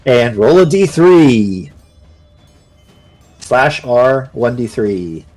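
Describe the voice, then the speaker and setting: A man running a tabletop role-playing game as game master, narrating in a relaxed, chatty way with many fillers. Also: mid-range voice, very slow, faint music behind.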